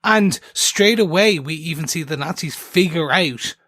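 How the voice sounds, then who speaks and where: Bright, higher-voiced male podcast host. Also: expressive, a little slow, hardly any pauses, dry recording, studio quality. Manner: chatty, jumps between points, many restarts. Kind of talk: casual chat.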